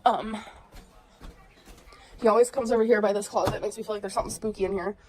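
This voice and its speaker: This woman's medium-pitched voice is quick, a bit mellow and fairly even in intonation, nasal from a cold. She cooks in her home kitchen for a vlog, chatting casually and giggling to viewers over slight background noise on a rough recording.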